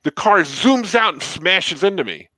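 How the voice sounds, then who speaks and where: A man's voice: high voice, very animated, measured pace, sharp tone, no echo, low-quality recording. A man co-hosting a podcast, telling a story in a rambling, self-interrupting way and laughing often. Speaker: podcast co-host. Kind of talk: casual storytelling.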